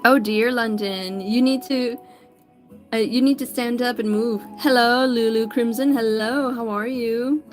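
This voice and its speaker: A woman's voice: on the high side, steady tone, measured pace, soft background music. A woman artist chatting casually on a livestream while she draws, greeting viewers by name in an upbeat, chatty way. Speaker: digital artist streamer.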